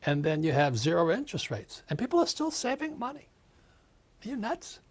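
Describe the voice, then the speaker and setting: A man's voice: sits high, huge pitch swings, a little fast, breathy edge. An older man in his seventies, an author being interviewed, speaking emphatically in a ranting way. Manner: emphatic, ranting, acts out quoted voices. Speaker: author and guest.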